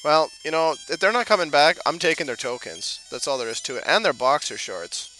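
A man narrating his playthrough in an easygoing, joking way, swearing now and then and teasing the characters on screen. His voice sits a little high and sounds bright and forward. Quiet game music runs underneath. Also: animated, a little fast, rough recording. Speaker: let's play commentator. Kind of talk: casual gameplay commentary.

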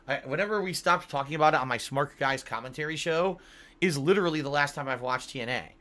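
Man, home streamer, casual rambling chat to chat, bright forceful tone, a little tired. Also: on the high side, fast. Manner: rambling, swears casually, reads donor messages aloud. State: yawning, tired.

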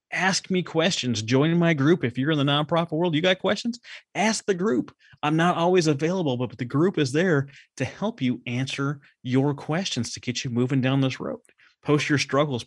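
A man's voice: mid-range voice, breathy edge, dry recording. A man guesting on a podcast, talking casually and directly, full of enthusiasm and stories. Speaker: podcast guest, nonprofit consultant. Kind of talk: casual interview chat.

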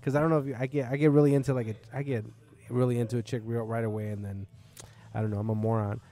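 A comedian hosting a podcast, spinning a long, rambling story in a bar. He talks fast and swears freely. His voice sits at an ordinary pitch. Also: little pitch movement, warm tone. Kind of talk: casual chat.

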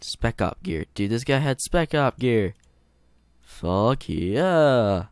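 A man in gameplay commentary who pleads, swears and laughs at his own panic, his voice leaping up and down. He talks at an unhurried pace. The sound is close and dry, with no room around it. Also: mid-range voice, sing-song, smooth, no room sound. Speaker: gamer.

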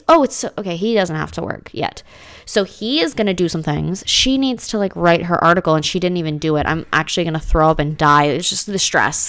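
Woman doing a lets play, super expressive ups and downs, slangy and dramatic, dry close mic. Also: lowish voice, dry recording. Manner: animated and dramatic, slangy exclamations. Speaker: gaming let's-play host. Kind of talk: casual gameplay commentary.

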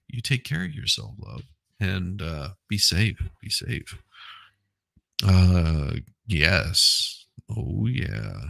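A man's voice: low-pitched, creaky, sharp tone, no room sound. A middle-aged man hosting a casual livestream, rambling bluntly with many restarts and some swearing while he reads the chat. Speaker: livestream host reading chat. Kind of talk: casual live chat commentary.

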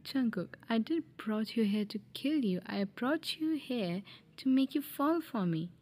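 A woman's voice: fairly high pitch, animated, unhurried, a little mellow, slight background noise. A woman voicing a cold, possessive young male mafia heir in a fan audio drama, speaking in a teasing, often whispery tone.

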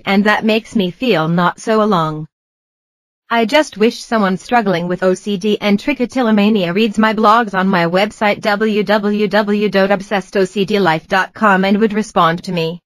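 A computer-generated woman's voice reading out a personal vlog in an even, mechanical way. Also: mid-range voice, dry recording, low-quality recording. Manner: evenly read, mechanical delivery. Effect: computer-generated text-to-speech voice. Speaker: vlogger. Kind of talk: text-to-speech narration of a personal vlog.

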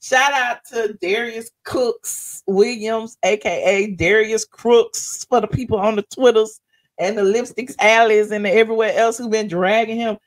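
A woman's voice: a little high, fairly even intonation, moderate pace. A woman hosting a livestream, chatting sassily about gossip, laughing often and calling viewers honey. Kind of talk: casual gossip commentary to live viewers.

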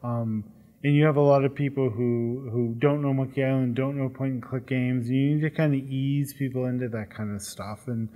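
A man answering interview questions about designing games, in a relaxed, rambling way with self-deprecating asides. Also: mid-range voice, normal speed. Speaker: game designer.

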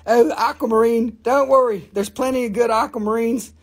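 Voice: medium pitch, fairly even intonation, moderate pace, slight background noise. A host selling rocks on a casual live sales show, joking and swearing as they go. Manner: joking, profane, rambling. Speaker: live-stream rock and mineral seller. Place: family rock shop.

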